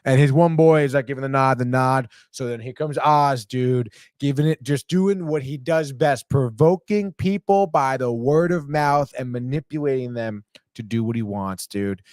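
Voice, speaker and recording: Excitable young man saying "dude" a lot. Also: medium pitch, normal speed, dry recording, studio quality. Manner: excitable, says "dude" constantly, swears, acts out the characters' lines. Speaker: podcast host recapping a TV episode. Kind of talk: casual chat.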